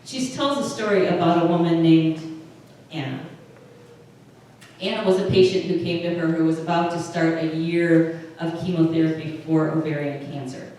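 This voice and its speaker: Her sermon is conversational, with phrases often broken off and begun again; this woman pastor has a deep, mellow voice, a steady tone and a moderate pace. The recording comes from a distant mic in a very reverberant room, with faint noise.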